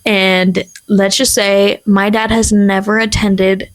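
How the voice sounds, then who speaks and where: A young woman co-hosting a casual podcast, chatting through a family story. She talks in an animated way, full of fillers. She jumps into the voices of the people in her tale. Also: mid-range voice, takes it slowly. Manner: animated, acts out quoted people, many fillers. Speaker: podcast co-host.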